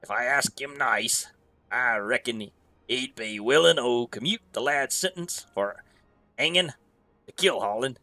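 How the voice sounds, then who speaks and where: Man playing a slow-talking, wry pirate innkeeper with a bright, clear voice, game dialogue read aloud in sea-dog dialect. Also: medium pitch, no echo. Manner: old sea-dog dialect, drawn-out reading. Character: gruff male pirate innkeeper, wry and scheming.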